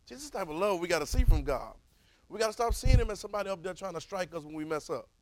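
A man preaching to a Bible class, fairly high in pitch. He calls for responses, repeats words and swings from hushed to loud. The sound is dry and close. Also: lively intonation, rapid-fire, no room sound, poor audio.

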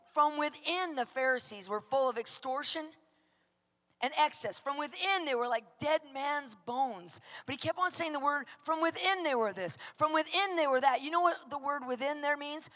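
A woman preacher giving an impassioned, emphatic sermon with personal testimony, often pressing her points to shouted peaks. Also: high-pitched. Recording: long hall reverb.

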